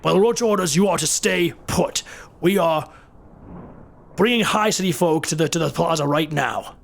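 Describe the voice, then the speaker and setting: A man's voice: a little high, moderate pace, creaky, voice pushed up. A man voicing a stern male city guard who barks orders to halt. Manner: barking commands.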